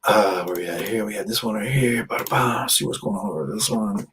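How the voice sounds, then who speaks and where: A man's voice: lowish voice, fairly quick, background noise. A man hosting a livestream in casual commentary, chatty and rambling, talking into a headset at his streaming setup. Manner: chatty, rambling, laughs at himself. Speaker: livestream host.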